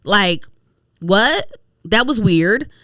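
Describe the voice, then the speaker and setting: A young woman from Maryland co-hosting a podcast, rambling through animated casual chat with lots of fillers. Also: medium pitch, drawn-out words, dry recording, studio quality. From United States, Prince George's County, Maryland. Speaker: podcast co-host.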